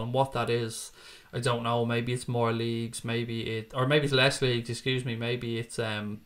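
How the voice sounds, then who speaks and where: A man in the middle of his usual voice range hosts a relaxed football live stream from home. He chats loosely and swears often as he reads and answers viewer comments. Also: mid-range voice. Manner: chatty, swears freely, laughs off comments. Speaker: football channel host reading viewer comments. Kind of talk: casual live-stream chat.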